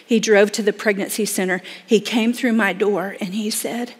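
A woman speaking to a gathered audience, telling a tense story and voicing its people with feeling. Her voice sits at an ordinary pitch. The sound carries a long reverb, as in a large hall. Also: steady tone, moderate pace, few pauses, breathy edge. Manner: dramatic, acts out quoted voices. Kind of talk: emotional storytelling talk.

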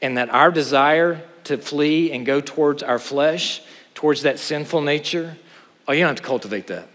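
A middle-aged man preaching a sermon to a chapel audience, animated, with joking asides and rhetorical questions. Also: fairly high pitch, moderate pace. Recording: hall with long reverb.

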